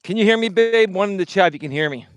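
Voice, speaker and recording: A man's voice: high voice, fast talker, clear, resonant tone. A man hosting a livestream, taunting a rival with repeated jabs. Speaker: livestream host. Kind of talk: confrontational livestream rant.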